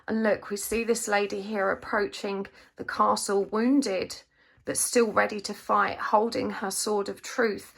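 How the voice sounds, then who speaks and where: A woman giving a gentle, reassuring tarot reading, emotional at times. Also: medium pitch, gravelly. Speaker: tarot card reader. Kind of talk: gentle spiritual reading to camera.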